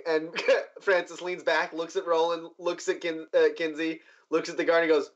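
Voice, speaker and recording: A man's voice: a little high, little pitch movement, normal speed, few pauses. A man narrating as game master in a loose way with many fillers. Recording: dull lo-fi recording.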